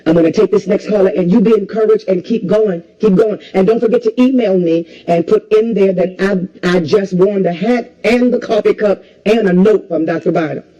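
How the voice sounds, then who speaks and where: A woman preacher hosts a call-in livestream, taking callers and preaching in an emphatic, repetitive cadence. Her voice is medium-pitched and mellow at a moderate pace, recorded with lo-fi sound.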